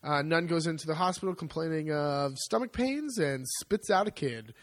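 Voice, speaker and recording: A man's voice: a little high, lively intonation, normal speed, no room sound. Joking man podcast co-host. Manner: wry, joking, offhand. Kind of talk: casual chat. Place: home in Italy.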